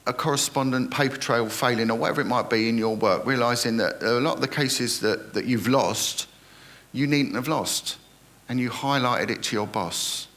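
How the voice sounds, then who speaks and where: A man's voice: mid-range voice, normal speed, fairly bright tone. A middle-aged man, a retired police detective earnestly recounting his experiences in an interview and quoting others in dialogue.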